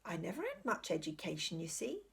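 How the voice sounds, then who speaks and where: A woman's voice: fairly low pitch, huge pitch swings, fairly quick, gravelly, husky, voice pushed down, heavily acted. A woman reading aloud, voicing a modest, honest male cabbie with a Cockney accent who speaks deferentially. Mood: humble. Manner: shy, deferential, plain-spoken. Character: humble middle-aged male London cabbie, modest and honest.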